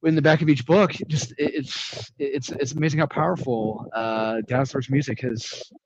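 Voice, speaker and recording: A man's voice: medium pitch, steady tone, moderate pace. A man co-hosting a casual comic review chat, ranting with profane indignation, recorded on a muffled lo-fi microphone.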